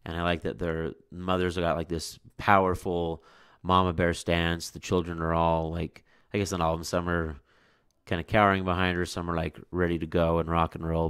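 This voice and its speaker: Low-voiced man, casual book review with chatty asides, dry close mic. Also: level tone, moderate pace, a bit bright, smooth, no echo. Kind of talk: read-aloud with chatty commentary.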